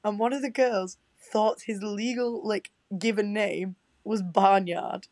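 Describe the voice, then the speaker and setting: A woman's voice: medium pitch, fairly even intonation, unhurried, a little mellow, dry recording. A young woman co-hosting a casual podcast, chatty and sweary, often laughing. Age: young adult. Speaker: podcast co-host.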